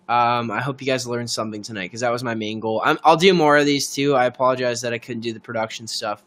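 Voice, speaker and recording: Young-sounding male songwriter, bright and sharp tone, casual filler-laden livestream chatter. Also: medium pitch. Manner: rambling, filler-heavy, thanks viewers by name. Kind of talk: casual livestream chat with viewers.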